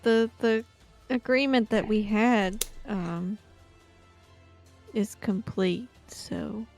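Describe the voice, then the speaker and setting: A woman playing in a tabletop role-play, speaking slowly and hesitantly. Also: medium pitch, steady tone, a little mellow, soft background music. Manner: slow, hesitant. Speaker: player.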